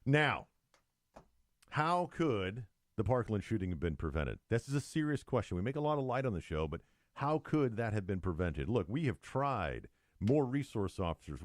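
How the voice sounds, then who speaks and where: Animated, sarcastic male talk show co-host. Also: lowish voice, dry recording, studio quality. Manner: animated, mocking, reads news aloud with sarcastic asides. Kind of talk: opinionated talk show chat.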